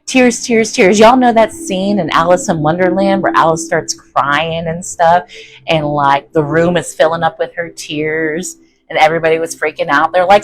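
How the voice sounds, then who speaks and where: A woman's voice: low-pitched, steady tone, moderate pace, no room sound, low-quality recording. A woman giving a chatty, folksy tarot reading to her viewers, often checking in with "okay?". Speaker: tarot reader.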